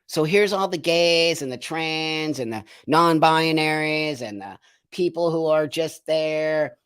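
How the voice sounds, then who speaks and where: A man's voice: on the high side, slow pace, a bit bright, clean tone. A man hosting a live stream, talking to viewers and reading their comments in an emphatic, indignant way, repeating phrases for effect. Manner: indignant, ranting. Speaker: host of a live show.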